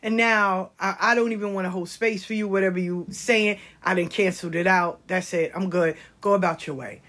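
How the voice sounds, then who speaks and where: Husky older woman, passionate storyteller. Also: mid-range voice, fairly quick. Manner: animated, passionate, often drops to a whisper. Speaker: speaker giving life advice. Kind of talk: casual storytelling monologue.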